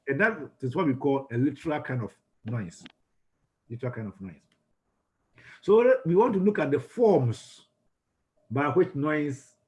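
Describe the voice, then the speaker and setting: A man's voice: mid-range voice, mellow. Ghanaian man lecturing with many restarts. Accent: Ghanaian English. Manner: repeats words and restarts, asks the class questions. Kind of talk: classroom lecture on communication.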